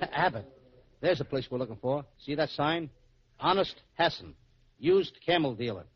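A man's voice: on the high side, noisy background. A man playing the childlike, giggly wisecracking comic in a 1940s radio comedy duo, on a dull old broadcast recording.

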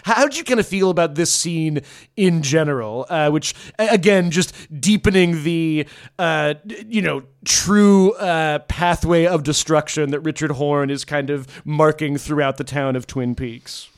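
A man with a fairly high, smooth, clear voice co-hosts a podcast. He rambles through scene descriptions, stops to restart and chuckles along the way. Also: unhurried. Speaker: podcast co-host. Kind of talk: casual podcast discussion.

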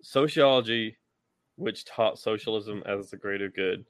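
A man's voice: lowish voice, measured pace, no room sound. A man co-hosting a casual podcast chat, talking in a sarcastic, mocking way. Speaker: podcast co-host.

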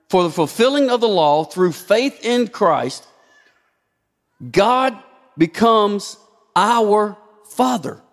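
A man preaching a sermon as pastor, asking rhetorical questions and shifting his emphasis often. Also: high voice. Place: church sanctuary. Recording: long hall reverb.

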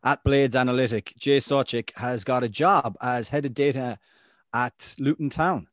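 A man's voice: mid-range voice, moderate pace, no echo, studio quality. A man, co-hosting a sports podcast and telling chatty anecdotes. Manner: chatty storyteller, lively anecdotes. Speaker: podcast co-host. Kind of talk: casual chat.

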